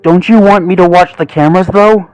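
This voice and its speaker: A man's voice: high-pitched, steady tone, a little fast, smooth, soft background music, voice pushed up, natural voice, rough recording. A man voicing a cold male Great Dane who tries to hide his shivering, in a storybook reading. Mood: puzzled.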